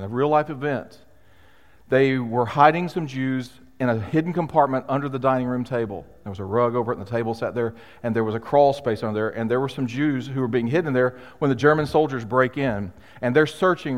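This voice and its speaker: A male pastor preaching a sermon in a conversational, emphatic way, with pauses for weight. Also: medium pitch. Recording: long hall reverb.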